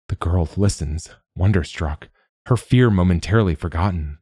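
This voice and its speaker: A man narrating a story in a measured, atmospheric reading voice. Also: sits low, warm tone, husky, no echo, clean studio sound.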